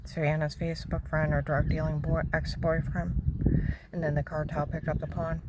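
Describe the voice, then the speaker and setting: A woman's voice: low-pitched, level tone, normal speed, very noisy. A woman giving a rambling personal account, agitated and jumping between events, sometimes dropping into a whisper.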